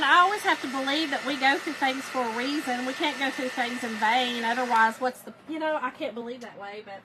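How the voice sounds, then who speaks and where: This craft livestream host, a woman with a Southern US accent, tells a story while she works, chatty and animated, laughing often and speaking to her audience. Her voice sits high, and the background is noisy.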